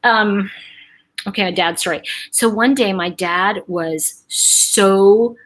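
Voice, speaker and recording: A woman's voice: medium pitch, slow. A woman hosting a casual livestream, who chats with lots of fillers and laughs often while telling stories. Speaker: livestream host.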